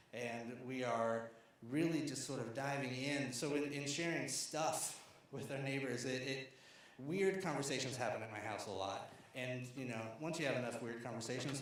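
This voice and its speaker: A man from Arkansas giving a conversational storytelling talk at a lecture series, with fillers and restarts. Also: medium pitch. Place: large lecture hall. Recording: very echoey hall.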